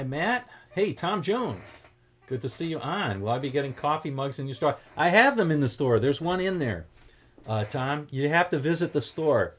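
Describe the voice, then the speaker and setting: Chatty Boston man hosting a livestream. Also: mid-range voice. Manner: chatty, greets viewers by name, easygoing asides. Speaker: guitar teacher hosting a livestream. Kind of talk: casual livestream chat.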